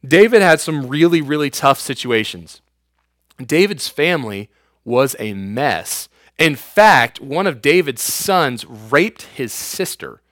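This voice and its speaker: A man's voice: medium pitch, very animated, slow pace, fairly bright tone, no echo, studio quality. A man in his thirties preaching a youth sermon as youth pastor, casual and slangy, with everyday asides to his listeners.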